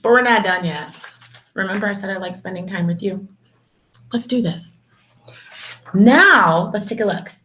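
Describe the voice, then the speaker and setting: A woman teaching a video lesson to young children, speaking in a slow, encouraging, sing-song way and calling them her dears and superstars. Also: mid-range voice, lively intonation, pushed and bright, a little hiss or hum. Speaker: kindergarten teacher.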